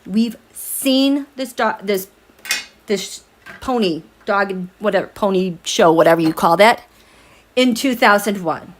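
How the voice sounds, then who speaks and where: A woman hosting a tarot livestream at night, chatting casually with viewers, animated, laughing often and reading their comments aloud. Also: mid-range voice, unhurried, a little hiss or hum. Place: home, at night.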